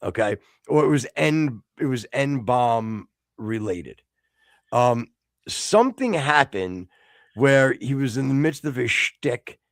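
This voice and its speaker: A middle-aged American man hosts a casual live-stream chat, rambling and restarting his sentences, now and then flaring into mock-exasperated rants. His voice has a gravelly edge and swings widely in pitch. The recording is close and dry. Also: expressive, takes it slowly, dry recording. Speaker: podcast host.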